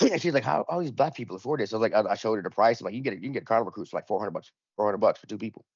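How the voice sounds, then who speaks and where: A man's voice: lowish voice, lively intonation, rapid-fire, husky, dry recording. A man on a podcast telling a rambling, profane story, full of restarts, acting out both sides of the argument. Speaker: podcast co-host. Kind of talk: casual storytelling chat. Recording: dull lo-fi dry recording.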